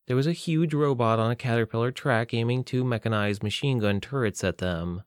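A man narrating an audiobook in a steady, plain storytelling manner. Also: mid-range voice, brisk, no echo, studio quality. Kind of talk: scripted narration.

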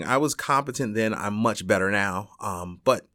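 A man's voice: normal speed, no echo, studio quality. A man from Chicago, a teacher, telling a personal story in casual talk, full of fillers, restarts and the odd swear word. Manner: rambling and animated, with frequent fillers, restarts and swearing; acts out other people's lines with big jumps in pitch.

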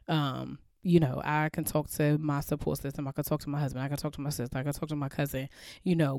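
A woman in her thirties hosting a podcast, chatting earnestly to listeners in a quiet, slightly crackly voice, recorded in a bedroom at home. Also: deep voice, vocal fry, no room sound, clean studio sound. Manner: open, earnest, filler-heavy, talks quietly to avoid waking others. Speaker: podcast host. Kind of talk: casual chat to listeners.

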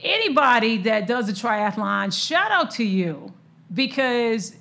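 A woman talking casually about the news. Her voice sits a little high, and she speaks in a chatty, emotional way, full of fillers and restarts. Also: big pitch swings, takes it slowly, gravelly, a bit bright.

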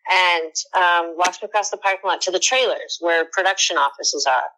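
Actress in her 60s, slightly low voice, animated anecdotes with acted-out quotes. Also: moderate pace, rough recording. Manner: lively storyteller who acts out quoted lines. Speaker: actress as interview guest. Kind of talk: telling stories in a podcast interview.

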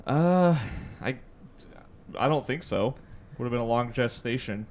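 A man's voice: medium pitch, expressive, unhurried, a little mellow. A man co-hosting a fan podcast, laid-back with dry humor. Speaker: podcast co-host. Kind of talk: casual chat.

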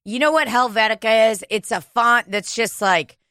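A woman's voice: a little high, moderate pace, sharp tone, smooth, dry recording, studio quality. A woman in casual chat, rambling and joking crudely, laughing often.

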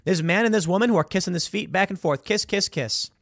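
A man hosting an opinion commentary show, talking in a sarcastic, mocking and animated way about a video. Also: high voice, fast, no echo, clean studio sound.

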